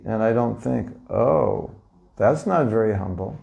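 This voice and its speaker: Man, spiritual teacher, gravelly low tone, conversational lecture, questions to the audience. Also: a little slow, mellow. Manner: conversational, asks the audience questions, acts out little scenes. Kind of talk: informal lecture to a live audience.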